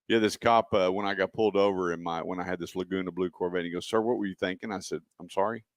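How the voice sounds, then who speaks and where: A man's voice: low-pitched, quick pace, dry recording. A man hosting a car radio show, telling folksy stories in casual studio chat and acting out the voices of people in them. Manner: folksy, animated storyteller acting out quoted voices.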